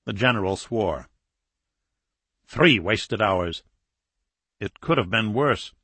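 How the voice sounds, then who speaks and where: A man reading a military thriller as a steady, measured audiobook narrator on a close studio mic. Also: on the low side, breathy edge, no echo. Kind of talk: scripted narration.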